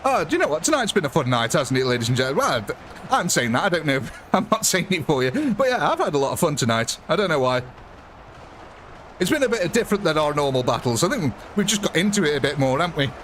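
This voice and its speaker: A man's voice: on the high side, very animated, fast, a bit bright, slight background noise. A man chatting casually on a live gaming stream, rambling and laughing often.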